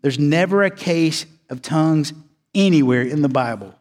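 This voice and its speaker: A man preaching a sermon as pastor, emphatic and repeating key words, sometimes dropping to quiet low tones for stress. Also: moderate pace, big-room sound.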